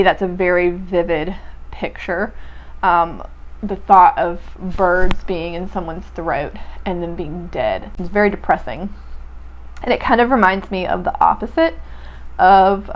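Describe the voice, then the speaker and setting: A woman's voice: lowish voice, gravelly, highs cut off. A young woman reading a poem aloud and musing over its lines in a casual, reflective way. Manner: reflective, musing, many "like" and "um" fillers. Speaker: poetry podcast host. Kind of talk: casual poetry reading and commentary.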